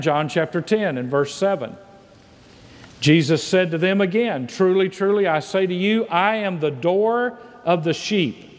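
A male pastor preaching with emphatic conviction, stressing key words as he reads and paraphrases scripture. His voice sits a little high for a man. It rings out with a long hall reverb, as in a church sanctuary. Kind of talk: sermon.

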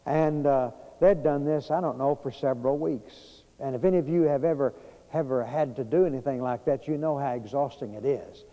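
A man, preaching a storytelling sermon in a church, folksy and conversational with many pauses and fillers. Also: medium pitch, dark tone, long reverb tail, highs cut off. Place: church sanctuary.

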